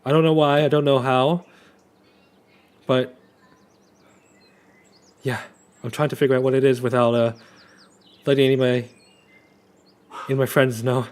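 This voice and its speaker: Man doing a nervous stammering young man, high anxious voice, tabletop game character. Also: flat delivery, normal speed, pauses often, a little mellow, lightly acted. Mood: pleading.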